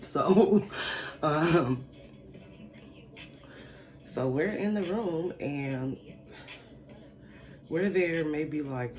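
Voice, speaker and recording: A vlogger telling a wild personal story in a casual storytime monologue, chatty and full of "like" fillers, swearing freely and acting out the people in it. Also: mid-range voice. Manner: animated, acts out quoted people.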